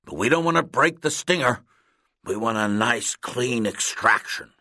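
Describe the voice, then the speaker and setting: A man voicing a loud, gruff middle-aged gym coach who barks orders in a read-aloud story. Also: medium pitch, expressive, unhurried, dry recording, clean studio sound, voice pushed up. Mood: explaining. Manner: barking, shouting orders. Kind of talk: storybook character voice.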